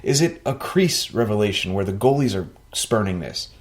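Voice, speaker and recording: A man co-hosting a casual sports podcast, talking in an animated, joking way. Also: on the low side, moderate pace.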